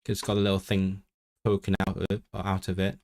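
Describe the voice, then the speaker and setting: A low, brisk male voice, captured on a desk microphone. The English-speaking man streams casually on language learning, reading chat and thinking aloud with plenty of restarts. He tries out learner's Welsh with lively intonation.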